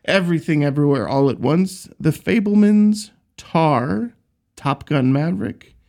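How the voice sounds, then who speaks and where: A man's voice: on the high side, expressive, gravelly, a little mellow. A young man co-hosting a casual movie chat, joking and teasing his co-host. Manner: joking, teasing, quick asides. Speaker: podcast co-host.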